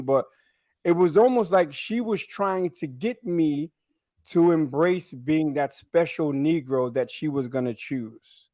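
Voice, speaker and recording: A man's voice: a little high, a little slow, dry recording, studio quality. A man on a podcast panel telling blunt stories from life abroad in casual talk, often asking "you know what I'm saying".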